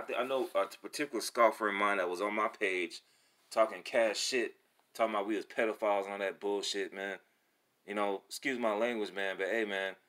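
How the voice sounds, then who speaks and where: A man preaching casually and excitedly with streetwise slang and frequent swearing, reading scripture between remarks. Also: fairly low pitch. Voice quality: profane, slangy speech. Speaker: religious video presenter. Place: Atlanta.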